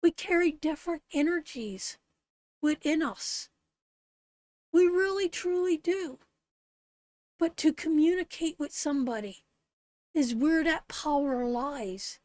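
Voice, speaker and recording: A middle-aged woman from Canada hosting a live tarot show, her voice sitting high. She talks bluntly and curses freely while giving viewers a pep talk. The sound is dry and close, with no room echo. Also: slow pace, long pauses, darkish tone. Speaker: tarot reader and host. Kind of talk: live-stream tarot reading and chat.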